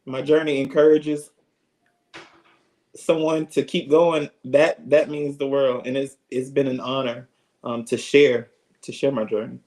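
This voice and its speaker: Slow-talking Alabama man, earnest. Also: mid-range voice, flat delivery, a little mellow, low-quality recording. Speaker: guest, businessman in funeral service. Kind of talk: interview answers.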